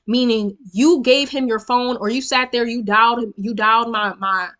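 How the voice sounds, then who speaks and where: A young woman telling a heated storytime vlog, animated and swearing, constantly checking in with "right?". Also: a little high. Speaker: storytime vlogger.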